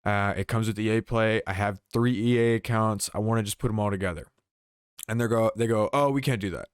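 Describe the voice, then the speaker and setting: A man's voice: lowish voice, little pitch movement, fairly quick, clean tone, dry recording, studio quality. A young man co-hosting a podcast, telling a rambling, exasperated story in casual chat with frequent swearing. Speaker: podcast co-host.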